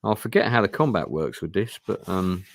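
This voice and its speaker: A man's voice: low-pitched, lively intonation, moderate pace, gravelly, no room sound. A man reading through a fantasy gamebook and chatting casually as he plays. He hesitates often and swears now and then. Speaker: gamebook player and streamer. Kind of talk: casual play-through narration.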